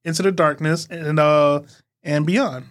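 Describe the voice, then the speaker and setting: A man's voice: on the high side, fairly even intonation, a little slow. A man co-hosting a podcast, teasing his co-host and arguing fan trivia in casual chat.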